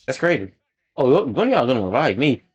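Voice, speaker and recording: A man chatting casually while he plays, his voice sitting at an ordinary middle pitch. He rambles, fills gaps with ums and likes, and gets louder and more animated whenever something annoys him. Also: quick pace, husky, muffled recording. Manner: rambling, filler-heavy, animated when annoyed. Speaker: gaming channel host. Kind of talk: casual gameplay commentary.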